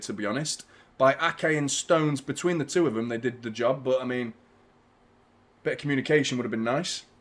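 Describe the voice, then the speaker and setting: A man hosting a live football watchalong, reacting to the match with casual chat, swearing and bursts of shouting at big chances. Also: mid-range voice. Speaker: host of a football watchalong stream.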